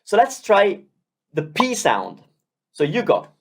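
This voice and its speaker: A language teacher giving a beginner lesson, drilling syllables slowly and encouraging learners. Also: mid-range voice, wildly swooping pitch, slightly rough.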